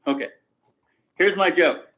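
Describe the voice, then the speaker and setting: A man's voice: high-pitched, expressive, unhurried. A man calling in to tell a joke on a live call-in show, chatty and a bit self-deprecating. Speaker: caller. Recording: distant tinny phone line.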